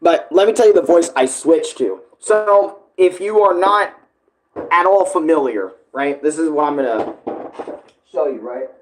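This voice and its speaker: A man's voice: fairly high pitch, lively intonation, a little slow, a little hiss or hum. A man chatting loosely about his own song cover, swearing and restarting sentences often. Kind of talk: casual rambling commentary.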